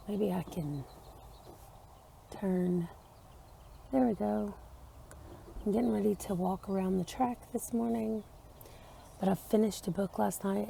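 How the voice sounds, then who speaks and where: Woman, slow talker, strong vocal fry, relaxed chatty vlog. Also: medium pitch, slight background noise. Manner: unhurried, chatty. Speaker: book vlogger. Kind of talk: casual vlog chat to camera. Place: indoors, early morning.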